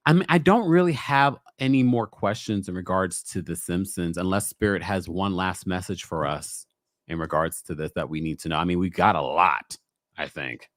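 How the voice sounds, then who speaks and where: A man's voice: deep voice, normal speed, a bit bright, no echo, clean studio sound. A man with an American accent, a guest in a casual chat who jokes around playfully and laughs often.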